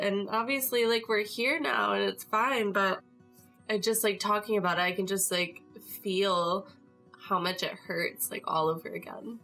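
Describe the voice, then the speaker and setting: A woman's voice: medium pitch, steady tone, unhurried, vocal fry, a bit bright, soft background music. Chatty young woman telling a story. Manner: chatty, lots of "like", emotional. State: tearful at moments. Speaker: podcast host. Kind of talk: casual personal storytelling.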